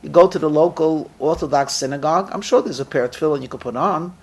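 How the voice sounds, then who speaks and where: A man's voice: on the high side, fast. A man, a rabbi, telling a story to his community and acting out the dialogue of its characters. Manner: lively storyteller, acts out dialogue. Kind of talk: storytelling sermon.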